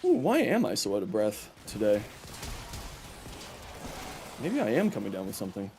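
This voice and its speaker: A man's voice: fairly low pitch, huge pitch swings, normal speed, background noise. A man streaming a video game, chatting casually and explaining tips to his viewers. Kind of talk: casual gameplay commentary.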